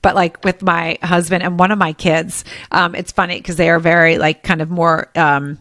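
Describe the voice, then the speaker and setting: A low-voiced woman hosting a podcast, talking in a loose, chatty way with lots of asides. She comes across energetic and expressive, and the sound is close and dry with no room around it. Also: moderate pace, no room sound. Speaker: podcast host. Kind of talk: casual interview chat.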